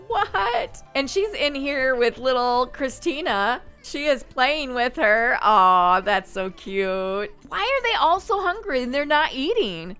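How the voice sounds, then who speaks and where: Bright, chatty woman gaming host. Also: high voice, big pitch swings, takes it slowly, hardly any pauses, smooth, soft background music. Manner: chatty, thinking aloud while playing. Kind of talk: casual Let's Play commentary.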